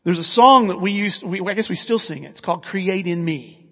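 A man's voice: high-pitched, brisk, bright, forceful tone, long reverb tail. A man preaching a sermon in an earnest, conversational way, asking his listeners questions and retelling scripture. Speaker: pastor.

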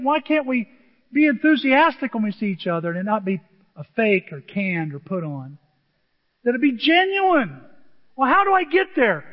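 Male pastor, high voice, animated sermon, acts out quotes, reverberant church hall, muffled recording. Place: church sanctuary. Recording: dull lo-fi audio in a large reverberant hall.

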